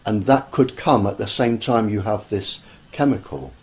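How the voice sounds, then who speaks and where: A man, speaking as an interview guest in an earnest, deliberate way with many pauses and fillers. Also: fairly low pitch, darkish tone. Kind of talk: slow conversational explanation.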